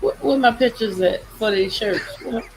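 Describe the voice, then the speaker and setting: A woman's voice: a little high, moderate pace, slight background noise, low-quality recording. A woman chatting casually on a live stream, teasing and laughing with her co-hosts. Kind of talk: casual chat.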